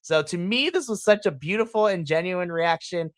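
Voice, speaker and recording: A podcast host recapping a wrestling show in casual chat, excitable and profane, acting out their own reactions. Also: medium pitch, normal speed, no room sound.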